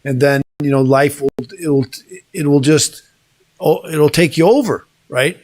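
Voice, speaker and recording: A man hosting a casual talk show, speaking haltingly and searching for words, in a small studio room. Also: fairly high pitch, a little mellow. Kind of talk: casual podcast chat.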